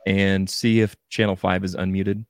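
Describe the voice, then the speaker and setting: A man's voice: sits low, level tone, normal speed, slight background noise. A man hosting a casual podcast in an easygoing way, laughing often and reading out listener comments. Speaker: podcast host.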